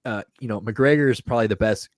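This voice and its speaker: A man's voice: fairly low pitch, fast, dry recording. A man co-hosting a podcast, telling stories in a loose, profane, laughing way. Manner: profane, animated storytelling with frequent laughter. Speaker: podcast co-host. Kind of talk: casual podcast banter.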